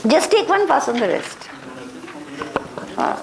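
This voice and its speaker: A woman's voice: high voice, big pitch swings, a little slow, vocal fry, a crowd in the background. A woman leading a motivation training class, speaking in short repeated phrases and checking in with her listeners. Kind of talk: classroom lecture. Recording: echoey room.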